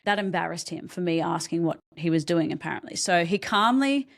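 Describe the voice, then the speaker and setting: Candid woman, lower voice. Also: expressive, vocal fry. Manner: candid, halting, many ums and restarts. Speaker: podcast guest. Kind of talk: personal story told in an interview.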